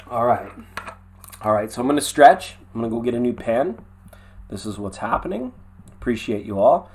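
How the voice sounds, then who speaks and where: A tarot reader hosting a live stream, talking in a chatty, rambling way with slangy asides. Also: medium pitch. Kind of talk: casual live tarot reading.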